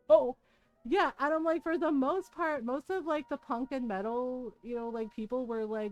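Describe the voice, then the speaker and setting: A woman streamer chatting casually with her live viewers, animated and swearing often, with frequent laughter. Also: high-pitched, a little slow, soft background music.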